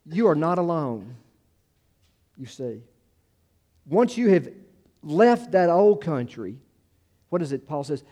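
A man's voice: a little high, mellow. A middle-aged American man preaching a sermon in a conversational way, with asides and self-deprecating jokes, rising to emphatic peaks on key phrases. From United States. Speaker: pastor.

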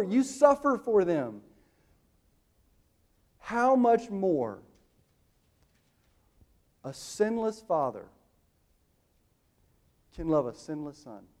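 A man in his thirties preaching a sermon, booming slow on quoted lines and dropping quick and hushed in his asides. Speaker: pastor.

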